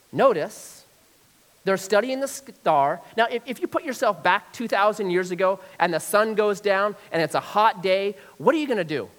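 Middle-aged man, pastor, sermon, lively storytelling, slightly high voice, long hall reverb. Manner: animated storytelling, acts out his own past voice.

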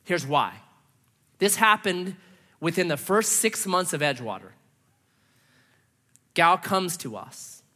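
A middle-aged man preaching a sermon from a church stage. He tells personal stories in an animated, self-mocking way and acts out his own reactions. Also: high-pitched, slow pace, pauses often. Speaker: pastor.

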